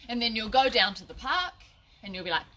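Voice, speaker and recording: A woman's voice: fairly high pitch, sing-song, a little fast, background noise. A woman giving a casual, chatty dog-training lesson on a live video, with frequent restarts and laughter at her own slips. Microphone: phone or camera at a short distance.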